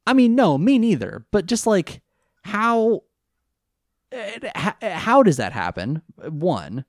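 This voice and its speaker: A man's voice: takes it slowly, dry recording. Man rambling through a recap, dry sound. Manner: rambling, hesitant recap that jumps up in pitch on excited questions. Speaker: podcast co-host recapping an anime. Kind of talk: casual chat.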